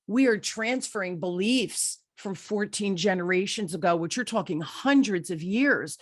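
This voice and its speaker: A woman's voice: medium pitch, lively intonation, unhurried, no room sound, clean studio sound. A woman hosting a podcast interview, telling stories with enthusiasm and exclaiming freely. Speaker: podcast host. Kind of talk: casual interview chat.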